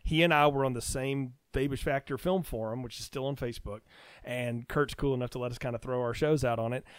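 A man's voice: mid-range voice, steady tone, a little fast, clear, resonant tone, no echo. A man talking as a podcast guest, chatty and easygoing, rambling through stories in casual conversation.

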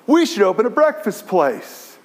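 A preacher doing a glum fable pig. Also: male voice, high voice, very animated, moderate pace. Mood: eager. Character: male pig friend in a fable.

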